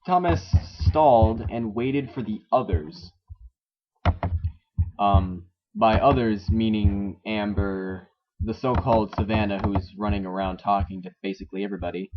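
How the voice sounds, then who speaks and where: A man's voice: fairly low pitch, fairly even intonation, a little slow. A man reading a story aloud and mocking it, sarcastic and swearing often in a dull lo-fi recording. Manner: sarcastic, swears a lot, laughs at the text. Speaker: story reader. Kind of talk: mocking read-through of a story.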